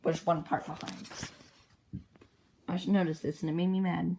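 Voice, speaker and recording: A woman excitedly retelling the story of her own comic journal in a rambling, casual way, jumping into brief character voices. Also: on the low side, moderate pace, vocal fry, background noise.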